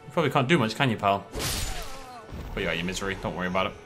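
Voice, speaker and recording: A man's voice: deep voice, animated, very fast, music in the background. A man giving casual let's play commentary, chatting to the characters on screen and breaking into sudden alarmed outbursts. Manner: chatty, talks to enemies, jumpy outbursts. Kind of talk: live gameplay commentary.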